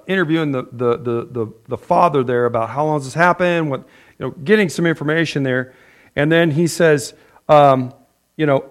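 A middle-aged male pastor preaching in a relaxed, talky way, stumbling over restarts and filler words. His voice sits high and has a gravelly edge. He slips into short acted lines of people praying. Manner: conversational, many fillers and restarts, acts out prayers. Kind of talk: sermon.

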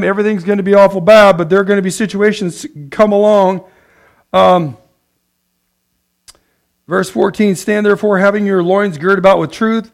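Male pastor, slightly high voice, lively sermon delivery with frequent laughter. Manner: lively, laughs often, loud bursts of praise.

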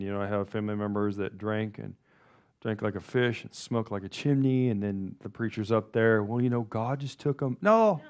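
A male pastor giving a loose, conversational sermon, wandering through asides and restarting his sentences often. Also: medium pitch.

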